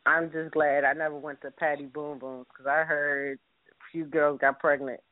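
A male co-host drops short, joking remarks into a casual chat. His voice is a little high and dry. It sounds tinny, like a phone line. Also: flat delivery, moderate pace, dry recording.

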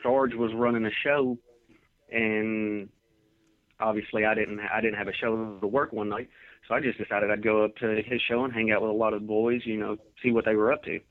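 A man's voice: on the low side, little pitch movement, moderate pace, no echo. A man being interviewed as a professional wrestler, telling rambling, laid-back stories from his career over a phone line. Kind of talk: casual interview storytelling. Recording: tinny dry phone line.

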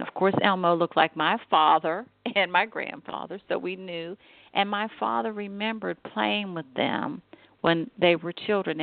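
A woman's voice: lowish voice, creaky, no room sound. A middle-aged woman telling a personal family story in a conversational way, acting out the people she quotes. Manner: warm, conversational, acts out quoted voices. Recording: tinny phone-like recording.

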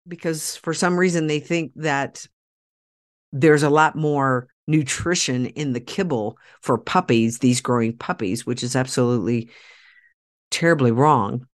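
A woman with a deep voice, speaking at normal speed, hosts a podcast. She talks straight to her listeners in a rallying, persuasive monologue, stressing points by repeating key phrases.

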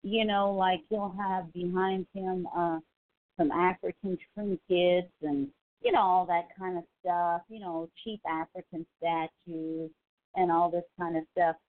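Woman, mid pitch, sassy mocking commentary, narrow phone-like audio. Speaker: commentary vlogger. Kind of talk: casual commentary. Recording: tinny phone-like sound.

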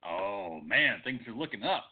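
A man's voice: lowish voice, animated, measured pace. A man co-hosting a podcast, joking and bantering in casual chat. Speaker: podcast co-host. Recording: tinny phone-like audio.

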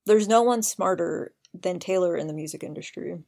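A woman's voice: fairly low pitch, normal speed, gravelly, darkish tone. A woman hosting a podcast, eagerly recounting scenes in detail with open admiration. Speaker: podcast host. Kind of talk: casual chat.

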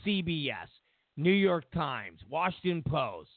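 A man hosting a political talk show, his high voice gravelly and swinging widely in pitch as he hammers home points in repeated lists with sarcastic asides. He speaks slowly and deliberately. The sound is tinny and phone-like. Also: very animated, no room sound. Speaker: political commentary host. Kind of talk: opinionated political monologue.

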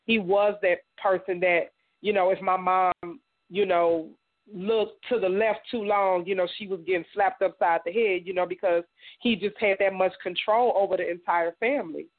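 A woman from Indiana, an interview guest, giving a halting personal testimony full of "you know.". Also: on the low side, steady tone. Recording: tinny phone line.

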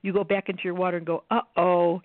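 A woman's voice: fairly low pitch, flat delivery, racing, no echo. A woman guest, an astrologer and author, explaining things in a confident, teasing way in casual conversation. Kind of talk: casual interview talk. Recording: tinny phone line.

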